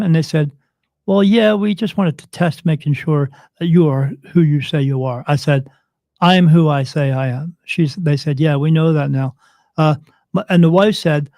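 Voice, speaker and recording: A man's voice: a little high, vocal fry, no room sound. A man, a spirit medium guest on an interview show, telling a story and acting out the dialogue of the people in it. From United States. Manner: animated retelling, acts out quoted dialogue.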